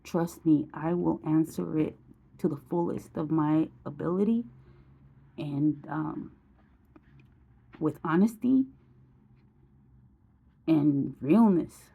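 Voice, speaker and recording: A woman's voice: sits low, takes it slowly, vocal fry, pauses often, slightly rough, narrow, tinny audio. A woman in her forties talking straight to camera in a candid personal vlog, blunt and emotional, swearing casually. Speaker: vlogger.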